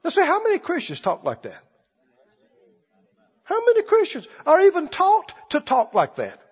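High, lively preacher in an echoing hall. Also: male voice, moderate pace. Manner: emphatic, rising to loud declarations. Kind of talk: sermon. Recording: dull recording in a large reverberant hall.

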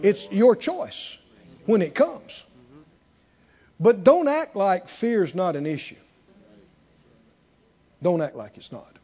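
A man preaching a sermon with animated emphasis, often asking the congregation questions. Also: high voice, slow, pauses often. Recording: dull lo-fi recording.

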